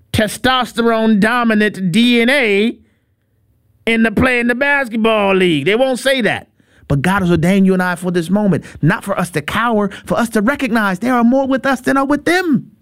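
A man preaching on a radio appeal, emphatic and animated, often repeating words in quick bursts and making playful asides. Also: high voice, dry recording, studio quality.

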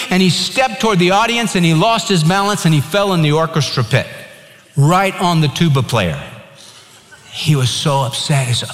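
A man's voice: on the high side, moderate pace. A male pastor delivering an earnest sermon, stressing key points and telling stories along the way. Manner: earnest preaching with lively emphasis and storytelling. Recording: long hall reverb.

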